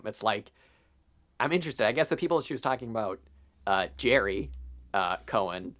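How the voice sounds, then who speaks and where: A man's voice: on the low side, expressive, normal speed, pauses often, fairly bright tone. A young adult man co-hosting a podcast, rambling casually with lots of fillers and the odd swear word. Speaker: podcast co-host. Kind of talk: casual chat.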